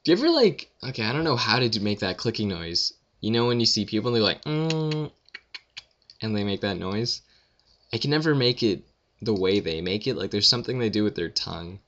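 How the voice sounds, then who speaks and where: A young man rambling through listener questions in a casual audio Q&A, with deadpan self-deprecating jokes. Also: on the low side, fast, highs cut off. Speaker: vlogger answering questions.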